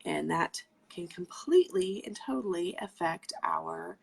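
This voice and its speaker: A woman's voice: fairly low pitch, wildly swooping pitch, a little slow, vocal fry, noisy background. A woman co-hosting a live health stream, talking casually and explaining with everyday examples from home. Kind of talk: casual live video talk. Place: home in Colorado.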